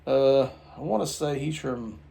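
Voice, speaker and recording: Tired guy rambling about his toys, casual vlog, lots of stops and restarts, middle pitch. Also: a little slow, creaky, warm tone. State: tired late at night. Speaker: toy collector vlogger. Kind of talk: casual toy review vlog.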